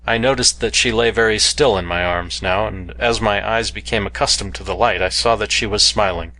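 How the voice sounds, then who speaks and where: Man, audiobook narrator, earnest storytelling, fairly low pitch, bright tone. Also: fairly quick, low-quality recording. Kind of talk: audiobook narration of an adventure novel.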